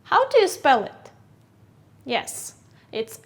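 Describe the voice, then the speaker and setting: Woman, English teacher, first language Kyrgyz, high voice, slow deliberate classroom drilling. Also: animated. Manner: slow, clear teacherly drilling with question and answer. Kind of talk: classroom vocabulary lesson.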